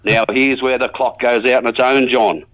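A man's voice: mid-range voice, steady tone, moderate pace, fairly bright tone, lightly acted, low-quality recording. A man playing a folksy, matey rural bloke with an Australian accent, phoning in to a comedy radio sketch. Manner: rambling, folksy, jokey. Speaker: regular caller.

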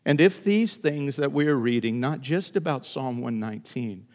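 Man preaching, earnest and emphatic, middle pitch, long echo like a big church. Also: expressive, moderate pace, a little mellow. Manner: earnest preaching, rising to emphatic high bursts. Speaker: pastor. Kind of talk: sermon.

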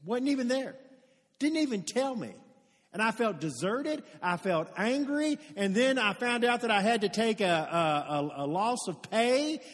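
Man, pastor, high-pitched, earnest storytelling sermon, emphatic peaks, echoing church sanctuary. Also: expressive, unhurried. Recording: long reverb of a large hall.

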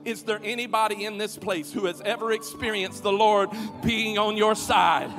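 A man preaching a sermon as pastor, calling on the crowd to respond and swelling to shouts. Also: high voice, flat delivery, moderate pace. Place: large church auditorium. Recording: long hall reverb with music behind.

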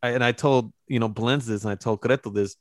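A man hosts a podcast in easy, slangy chat and wanders through long stories at his own pace. His voice sits at an ordinary pitch and is recorded close and dry, with no room sound. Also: fairly quick, dry recording. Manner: relaxed, slangy, rambling storyteller. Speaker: podcast host. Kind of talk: casual chat.

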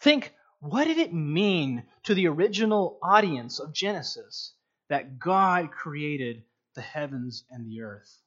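A man giving an earnest, unhurried teaching on meditating on scripture, often restarting his sentences. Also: a little high, sing-song, a bit bright. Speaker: Bible teacher. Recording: dull lo-fi recording.

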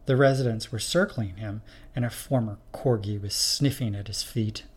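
A man narrating a spooky short story in a steady, measured reading voice. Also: fairly low pitch, husky.

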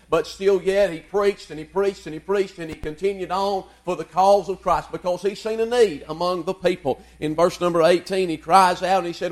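A man's voice: high voice, steady tone, fairly quick, hardly any pauses. A middle-aged man, preaching a sermon in a rhythmic chant and praying fervently. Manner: rhythmic preaching with a repeated "uh" before each phrase; fervent prayer, repeating "God" and "Lord" between phrases.

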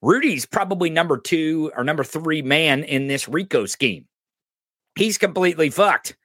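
A man's voice: on the high side, expressive, normal speed, a bit bright, no echo, studio quality. A man hosting a podcast, ranting angrily and profanely in political commentary, mocking his opponents. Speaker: podcast host.

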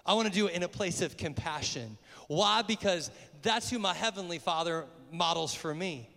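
A man's voice: high voice, lively intonation, normal speed, vocal fry, bright, forceful tone. A man preaching on parenting from a church platform in a reassuring pastoral tone. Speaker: speaker at church. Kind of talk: sermon. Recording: long reverb of a church hall.

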